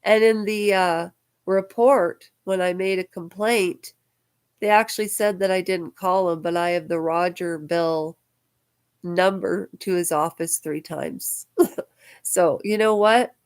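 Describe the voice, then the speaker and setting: A woman in her fifties, from Ukraine, records a personal vlog at home on her houseboat. She talks slowly and emotionally, wandering from one thought to the next as she speaks straight to camera. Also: on the low side, smooth. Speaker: vlogger.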